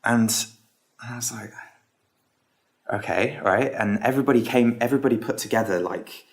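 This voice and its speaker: A man's voice: mid-range voice, moderate pace, vocal fry. A man, an entrepreneur guest on a podcast, telling a long story in a casual, hesitant way full of ums and restarts.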